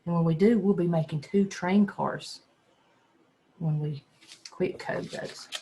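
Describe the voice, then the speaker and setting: Teacher for a phonics lesson, mid-pitched, gravelly edge, spells letters aloud patiently. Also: steady tone, warm tone, slight background noise. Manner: patient, sounds words out slowly and spells letters. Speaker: second grade teacher. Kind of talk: phonics lesson for young children.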